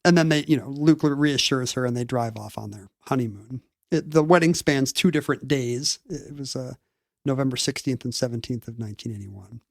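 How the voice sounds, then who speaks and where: A man co-hosting a chat podcast, explaining a topic at length with frequent pauses and restarts. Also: mid-range voice, vocal fry, no room sound, clean studio sound. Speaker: podcast co-host. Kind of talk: casual chat, recapping a topic.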